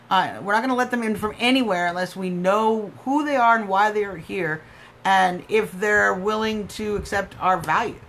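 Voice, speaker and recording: A woman's voice: mid-range voice, a bit bright, slight background noise. An American woman hosting a live political stream, arguing emphatically and answering viewer comments. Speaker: livestream host.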